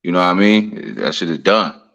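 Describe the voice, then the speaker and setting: Low-voiced boxer, laid-back and reflective. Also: male voice, brisk, gravelly, a bit bright. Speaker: heavyweight boxer, guest. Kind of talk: casual interview talk. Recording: dull lo-fi audio.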